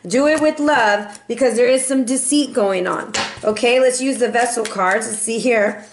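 A woman's voice: fairly high pitch, normal speed, echoey room, slight background noise. Chatty woman giving a tarot reading. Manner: chatty and playful, sings and meows in bursts. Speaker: tarot reader.

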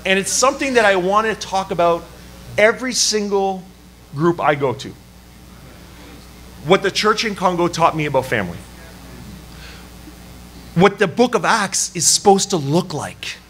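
A man from Canada preaches from the pulpit, recounting a story with a lively, self-mocking humor. His voice sits a little high and sounds bright and forceful, with frequent laughter. He speaks in a sermon style. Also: normal speed, long pauses, a little hiss or hum. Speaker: pastor. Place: church service.

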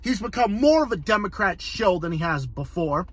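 A man with a fairly high voice delivers a solo rant, swearing constantly and circling back over the same points. The recording is close and dry, with no room sound. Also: expressive, moderate pace, husky, no room sound. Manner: heated, profane, repeats himself. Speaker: political commentary host. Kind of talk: angry solo political rant.

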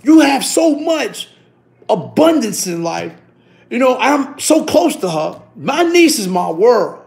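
A middle-aged man, telling stories in a casual, animated way, full of street slang and repeating himself. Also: extremely high pitch, slow pace, gravelly. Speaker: interviewee. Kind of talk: casual storytelling.

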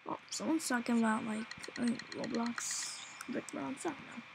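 A woman with a high-leaning voice and vocal fry comments casually on a video game as she plays, at a moderate pace. Recorded on a desktop mic in a noisy home setting, she rambles, wonders aloud and often drops into a whisper.

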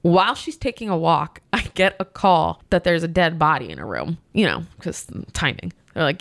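A woman's voice: on the low side, normal speed, few pauses, no room sound. A woman co-hosting a casual chat, animatedly retelling a workplace story and quoting the people in it. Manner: animated retelling, quoting others, frequent laughs. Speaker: podcast co-host, hotel manager.

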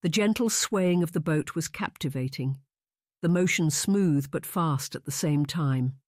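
Woman reading an audiobook, measured. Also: deep voice, darkish tone, dry recording, clean studio sound. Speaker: audiobook narrator. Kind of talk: scripted narration.

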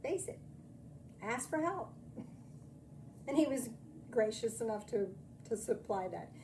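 Mellow-voiced woman preaching gently. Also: fairly high pitch, lively intonation, a little hiss or hum. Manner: chatty, self-deprecating storytelling; slow, soothing meditation guidance. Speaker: minister. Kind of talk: sermon and guided meditation.

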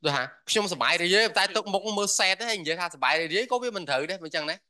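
A man's voice: sits high, expressive, racing, sharp tone, clean tone. A man interpreting a workshop lecture for the audience, with frequent hesitation fillers.

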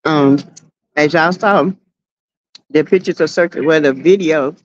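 Here a livestream host with a Southern US accent greets her viewers by name in a sassy, casual way, drawing out her exclamations. Her pitch is low, and the recording is dry and dull.

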